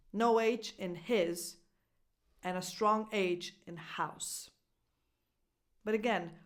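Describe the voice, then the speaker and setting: A woman whose first language is Italian coaches English pronunciation at an unhurried pace. She speaks in a mid-range voice and models short phrases slowly and clearly for the listener to repeat. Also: medium pitch. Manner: clear, deliberate demonstrations with repeat-after-me drills. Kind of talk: pronunciation lesson.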